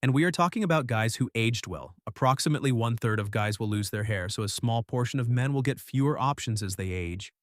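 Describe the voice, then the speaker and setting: A man's mid-pitched voice narrates a scripted voice-over in a calm, matter-of-fact way. The sound is dry and close, with no room around it. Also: fairly quick, few pauses, dry recording.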